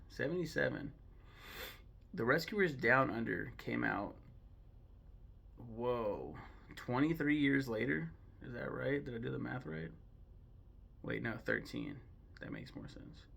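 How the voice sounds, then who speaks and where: A man's voice: mid-range voice, sing-song, takes it slowly, gravelly, pauses often, a bit bright. A young man ranking films in a chatty, digressive way, full of ums and self-corrections. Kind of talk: casual opinionated commentary.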